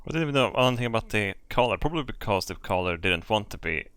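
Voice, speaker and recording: Profane, animated male streamer. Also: fairly low pitch, fast talker, clear, resonant tone, dry recording. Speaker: streamer playing a game. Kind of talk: casual gameplay commentary.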